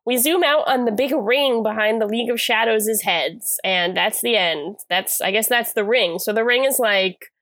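A woman's voice: fairly high pitch, moderate pace, few pauses, a bit bright, no echo. A woman co-hosting a podcast, chatting casually and self-deprecatingly as she recaps a TV episode, with lots of fillers. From California. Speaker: podcast co-host.

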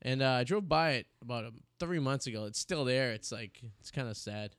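A man's voice: mid-range voice, lively intonation, a little fast, a bit bright, clean tone, dry recording. A man in his thirties hosting a casual podcast, telling long rambling stories full of restarts and fillers. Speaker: podcast host. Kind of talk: casual chat. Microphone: studio mic.

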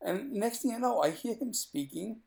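A man from Brooklyn speaks, telling stories in plain, colloquial talk. His voice has a gravelly, fry-edged texture, and he laughs through his punchlines. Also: high voice, animated, moderate pace, a little mellow. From Brooklyn, New York. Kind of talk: casual chat.

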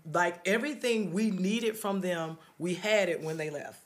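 A middle-aged woman talks in a relaxed, faith-filled chat with friends. She tells her story earnestly, trailing off and starting again as she goes. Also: on the low side, moderate pace. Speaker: podcast co-host. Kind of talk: casual faith-based conversation.

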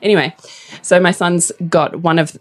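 A woman's voice: on the low side, steady tone, moderate pace. An Australian woman in her forties, a podcast host, telling candid stories in casual chat and swearing freely.

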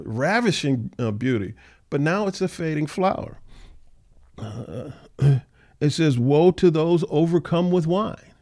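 A man leading an informal Bible study, reading scripture aloud and then explaining it conversationally, with frequent fillers and animated, mocking paraphrases of the people in the text. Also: on the high side. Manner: animated, acts out the scoffers' voices in a mocking tone. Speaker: Bible teacher.

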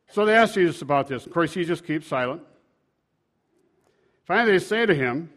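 A man preaching a sermon, retelling scripture in a folksy, conversational way with sharp swings from loud to quiet. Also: a little high, expressive, normal speed, long pauses.

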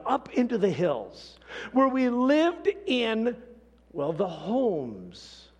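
A man preaching a sermon, telling a story with lively swings from hushed to shouted. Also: on the high side, slightly rough. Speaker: pastor. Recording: long hall reverb.

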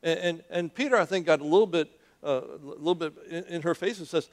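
In a church, a male preacher delivers a sermon in a conversational, animated style, questioning his listeners directly as he tells the story. His voice is somewhat high and his pace brisk.

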